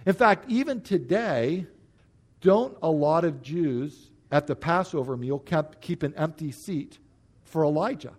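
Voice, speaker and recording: A man's voice: on the high side, animated, measured pace, a little mellow, slightly rough. A man preaching a sermon, explaining scripture verse by verse with emphatic stress on key points. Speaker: pastor.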